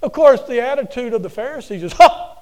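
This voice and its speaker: Preacher man, high voice, folksy and animated, repeats himself telling a story. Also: quick pace, poor audio. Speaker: preacher and teacher. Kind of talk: storytelling sermon.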